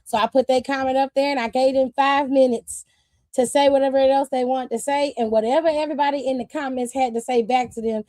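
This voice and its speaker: A woman's voice: high voice, steady tone, a little fast, warm tone, no echo. A woman hosting a casual livestream chat, sassy and blunt, swearing freely and laughing often. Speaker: streamer host.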